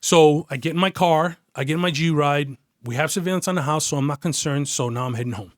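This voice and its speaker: A man, a retired detective as a podcast guest, telling a story in a casual, profane, animated way. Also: a little high, a little fast, dry recording, studio quality. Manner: profane, animated, acts out quoted voices.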